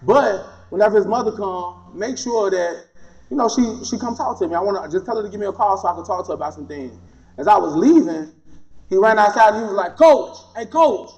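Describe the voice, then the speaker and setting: A man's voice: sits high, quick pace, darkish tone. A man giving a personal testimony talk, telling his story with animation and acting out what others said. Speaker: guest speaker. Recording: dull lo-fi recording.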